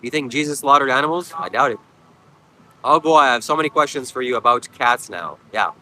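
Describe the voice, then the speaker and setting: Bright-voiced man reading his livestream chat. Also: medium pitch, fairly quick, rough recording. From Canada. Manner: deadpan, joking replies to chat. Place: outdoors at a beach.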